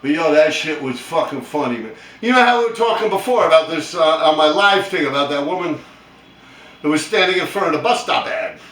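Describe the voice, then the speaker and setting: A man's voice: fairly high pitch, lively intonation, a little fast, fairly bright tone, roomy sound, distant mic. A man telling a funny story in casual, profane street slang, laughing hard as he goes. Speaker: storyteller vlogger.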